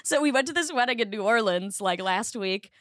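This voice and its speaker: A woman co-hosting a podcast in casual chat, excitable and rambling, swearing freely, recorded in a basement studio. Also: fairly high pitch, brisk. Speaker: podcast co-host.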